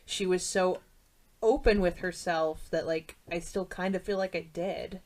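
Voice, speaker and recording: A woman's voice: on the low side, fairly even intonation, unhurried, a little mellow. A young woman co-hosting a podcast, talking heartfelt and rambling, with lots of "like". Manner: heartfelt, rambling, heavy use of "like". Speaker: podcast co-host. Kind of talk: casual chat.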